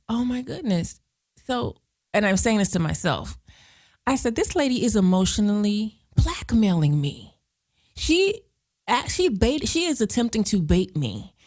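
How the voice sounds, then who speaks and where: A woman with a fairly low voice hosts a radio talk show. She tells animated stories and acts out the voices of the people in them.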